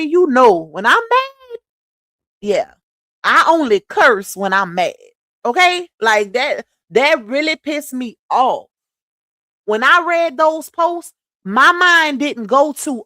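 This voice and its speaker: A high-voiced woman from Louisiana hosts a casual livestream, her pitch swinging widely as she talks bluntly to her viewers. The sound is close and dry. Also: very animated, slow, pushed and bright, no echo. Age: adult mother. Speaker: livestream host.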